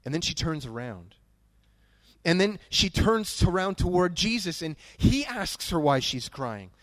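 A pastor preaches a sermon in a fairly high man's voice, earnest and emphatic. He repeats his key phrases. The sound is dry and close. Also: sing-song, measured pace, no room sound.

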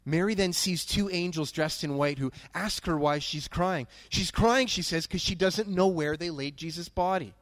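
A man's voice: fairly high pitch, normal speed, hardly any pauses, a bit bright, no echo. A man preaching a sermon as pastor, earnest and emphatic, who repeats key phrases.

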